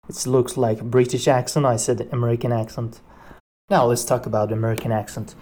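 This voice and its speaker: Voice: mid-range voice, normal speed, dark tone, a little hiss or hum. Playful non-native English speaker doing accents. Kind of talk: comic accent-imitation monologue.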